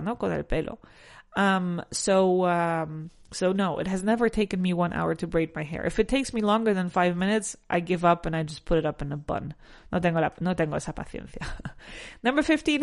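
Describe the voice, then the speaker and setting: Woman teaching English drills. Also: lowish voice. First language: Spanish. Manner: drills pronunciation, repeats words slowly, switches between English and Spanish. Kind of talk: bilingual language lesson.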